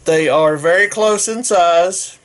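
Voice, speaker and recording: Slow-talking man reviewing gear. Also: high-pitched, clear, resonant tone. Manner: rambling, self-correcting, folksy. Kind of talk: casual product review.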